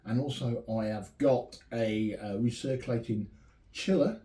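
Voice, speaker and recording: A man's voice: mid-range voice, measured pace, far from the mic. A man from England chatting casually as he reviews home-brewed beer in his home pub shed. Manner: relaxed, chatty, enthusiastic. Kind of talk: casual chat. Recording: echoey room, mic some way off.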